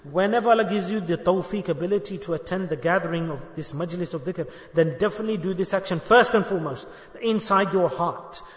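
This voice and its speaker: A man's voice: high voice, fairly quick, few pauses. A man preaching a sermon to a dhikr gathering, earnest and repetitive, questioning his listeners and mixing in Arabic devotional phrases. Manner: earnest, repeats phrases, asks the audience questions. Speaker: Sufi sheikh teaching a dhikr gathering. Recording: echoey hall with long reverb.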